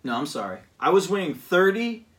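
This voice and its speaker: A man chatting casually, rambling and pausing with many fillers as he recounts a season of a football video game. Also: high-pitched, very animated, distant mic. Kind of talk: casual chat.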